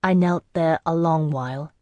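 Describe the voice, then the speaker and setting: A woman narrating a fantasy novel in the first person, in a measured, even storytelling manner. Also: low voice, no room sound, lo-fi sound. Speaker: audiobook narrator.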